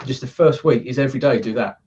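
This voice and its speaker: An earnest man talks through his coaching methods in a relaxed interview, slipping into the voices of the thoughts he quotes. He sits at some distance from the mic in his office. The sound is dull and muffled. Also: mid-range voice, fast. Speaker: guest, coach. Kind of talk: casual interview chat.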